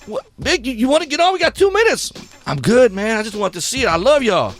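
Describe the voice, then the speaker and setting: A man puts on a loud, pushy young rapper buddy in the middle of a story, his voice jumping well above his usual pitch. The guy talks fast and eager, half shouting his greetings. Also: very animated, full character voice. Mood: easygoing.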